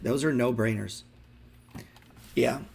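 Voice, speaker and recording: A man's voice: mid-range voice, slow pace, vocal fry, noisy background. A man hosting a stock trading show, giving loose, profane live market commentary and talking straight to his viewers. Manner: excitable, profane, talks to viewers directly.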